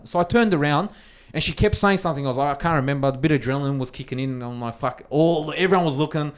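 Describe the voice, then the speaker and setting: A man's voice: fairly high pitch, fast talker. A young Australian man on a casual podcast, telling a story with lots of swearing and acted-out quotes. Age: young adult. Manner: animated, swears freely, acts out quotes. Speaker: podcast co-host.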